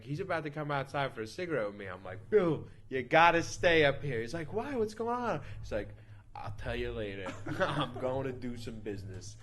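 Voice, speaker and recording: A man's voice: mid-range voice, a bit bright. A man in his twenties telling a long, crude story in casual chat, rambling with lots of fillers and repeats. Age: 20s. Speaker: podcast storyteller.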